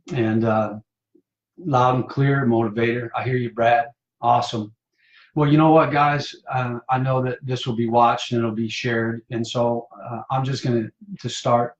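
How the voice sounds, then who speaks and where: A man from Michigan tells a personal testimony in a casual, halting way, with many fillers and restarts, and keeps his pitch flat and even. The live-stream audio is dull and roomy, with echo around his voice. He speaks as a pastor addressing his viewers. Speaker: pastor and Marine veteran. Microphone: phone or webcam for a live stream.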